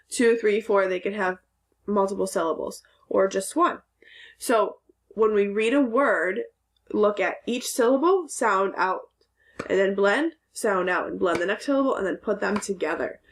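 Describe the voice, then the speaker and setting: A woman teacher giving a recorded phonics lesson to second graders, sounding out letters and syllables carefully. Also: mid-range voice.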